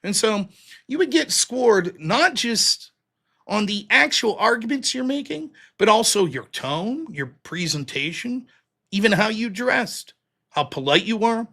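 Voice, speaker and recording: A man hosting a livestream, telling stories in an animated, profane way. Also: high voice, unhurried, vocal fry. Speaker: livestream host. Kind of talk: casual livestream commentary.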